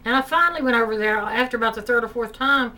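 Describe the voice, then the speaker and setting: This woman talks fast in a high, bright, forceful voice, spinning a ghost story casually for her vlog at home. "You know" fills her talk, and the distant mic picks up a faint background hiss.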